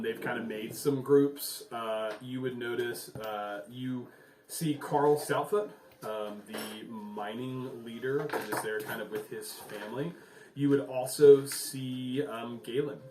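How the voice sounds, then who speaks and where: A man's voice: medium pitch, slight background noise. Male game master, rambling narration, echoey far-off recording. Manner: loose, filler-heavy narration. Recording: echoey room, mic far off.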